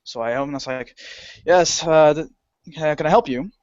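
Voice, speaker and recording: A young man telling a story on a podcast, animated and swearing, acting out the people in it. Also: on the high side, normal speed, clean tone, no room sound, lo-fi sound. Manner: animated, swearing, acts out customer voices. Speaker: podcast co-host. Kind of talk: casual storytelling rant.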